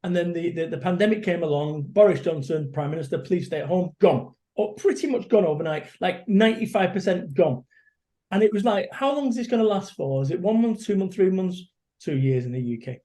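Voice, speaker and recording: Middle-aged motivational speaker from Manchester; high, warm-toned, blunt and energetic. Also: male voice, a little fast. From Salford, Manchester, England. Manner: blunt, energetic, swears casually. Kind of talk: casual interview chat.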